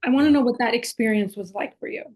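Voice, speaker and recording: A woman interviewer asking a guest a quick question. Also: fairly high pitch, a little mellow.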